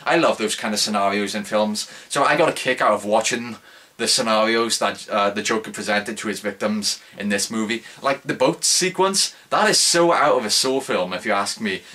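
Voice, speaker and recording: A man's voice: fairly low pitch, pushed and bright. A young man giving a casual spoken movie review, rambling, with lots of filler words and restarts.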